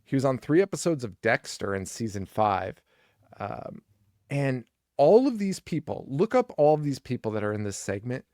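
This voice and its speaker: A man's voice: medium pitch, very animated, moderate pace, a little mellow, no room sound, clean studio sound. A young man co-hosting a horror movie podcast in casual chat, recapping scenes with profanity and acting out the characters' lines. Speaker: podcast co-host.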